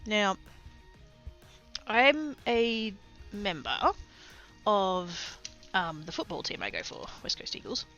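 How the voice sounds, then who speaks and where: A woman's voice: mid-range voice, very animated, slow pace, pauses often, fairly bright tone, lo-fi sound, faint music behind. A woman with an Australian accent chatting casually on a live stream, rambling, laughing often and swearing casually.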